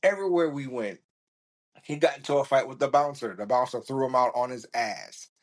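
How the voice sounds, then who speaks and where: A man hosting a podcast, telling a story in an animated, profane way and laughing along as he goes. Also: mid-range voice, fairly quick. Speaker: podcast host. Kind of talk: casual storytelling.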